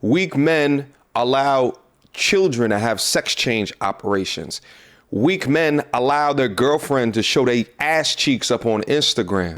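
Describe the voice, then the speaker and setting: A man hosting a commentary video, preaching bluntly and emphatically to his viewers about the clips he plays. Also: medium pitch. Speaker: commentary host.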